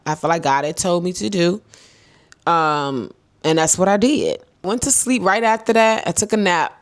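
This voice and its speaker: A woman's voice: fairly bright tone, no echo. Chatty young woman with a dry close sound. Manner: chatty, talks to viewers as "girl" and "y'all"; reflective, swings high and low in pitch. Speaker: vlogger. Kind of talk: casual storytime to camera.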